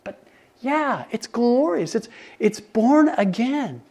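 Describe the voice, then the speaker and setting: An older man preaching to his congregation in a conversational, animated way, often restarting his sentences and getting excited. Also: extremely high pitch, takes it slowly. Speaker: pastor. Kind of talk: conversational sermon.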